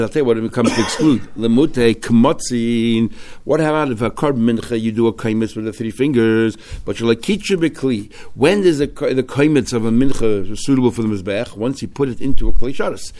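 A man of middle pitch walks through a religious text line by line. He keeps asking himself questions and answering them, jumping up in pitch and volume on the key points. He mixes Hebrew and Aramaic study terms into his English. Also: a little mellow. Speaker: Talmud teacher. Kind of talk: explaining a religious text passage.

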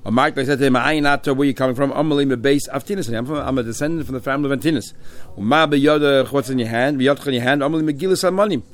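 His middle-pitched voice moves briskly as this Talmud teacher works through the text. He voices each Hebrew or Aramaic line first, then gives its meaning in English.

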